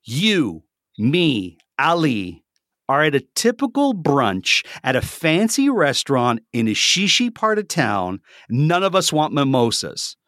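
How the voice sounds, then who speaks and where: Male host, fairly high voice, lively and animated, dry close sound. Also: slow pace, no echo. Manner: playful, animated scenario-setting. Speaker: podcast host. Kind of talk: casual podcast conversation.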